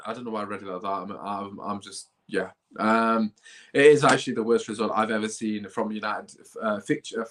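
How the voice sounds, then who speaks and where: A man's voice: lowish voice, fairly even intonation, brisk. Dejected man reacting to football. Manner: dejected, rambling, sighing. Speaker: football channel host. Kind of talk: live match reaction stream.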